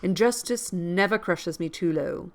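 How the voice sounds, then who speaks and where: A woman voicing a gentle, pious orphan schoolgirl in a storybook reading, soft and earnest, a little low-pitched. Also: unhurried. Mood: serene.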